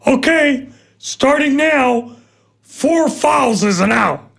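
A man acting out a hot-tempered young male pitcher, shouting and bossy. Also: expressive, takes it slowly, gravelly, exaggerated voice. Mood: angry.

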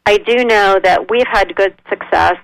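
A woman guest expert explaining health insurance options in a measured, informative way, with frequent ums. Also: mid-range voice, creaky, clear, resonant tone, low-quality recording. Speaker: nonprofit executive director, guest expert. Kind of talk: radio interview.

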